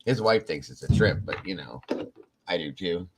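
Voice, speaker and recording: Low-voiced man telling a story casually. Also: animated, normal speed, background noise. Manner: laughs through his story, swears casually. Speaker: host.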